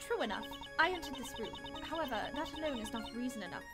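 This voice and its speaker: A woman's voice: high-pitched, expressive. Woman voicing a prim, formal female judge. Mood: formal, composed. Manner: formal, measured and dignified. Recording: loud game music behind.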